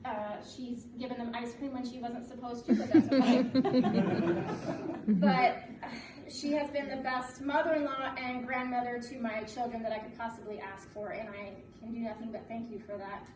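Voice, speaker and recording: A woman's voice: a little high, level tone, normal speed. A woman in her late thirties, a military officer giving a candid, joking speech at her promotion ceremony and laughing often. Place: indoor room at a ceremony. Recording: echoey room, distant mic, noisy background.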